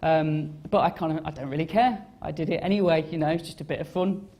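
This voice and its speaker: A man's voice: a little high, fast talker, dark tone. Rambling young man on stage. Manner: rambling, self-deprecating, many fillers and restarts. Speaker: designer giving a talk. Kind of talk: casual conference talk. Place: on stage at a live event.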